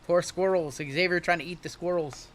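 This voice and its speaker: A man's voice: high voice, steady tone, normal speed, a little hiss or hum. A man hosting a livestream card break, calling each pull with jokey, upbeat banter. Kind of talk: livestream card-opening commentary.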